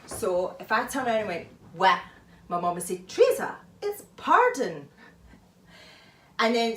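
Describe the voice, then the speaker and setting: A woman vlogger talking through advice in a chatty, animated way, often laughing, recorded at home. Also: medium pitch. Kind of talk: casual advice talk. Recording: echoey room, mic far off.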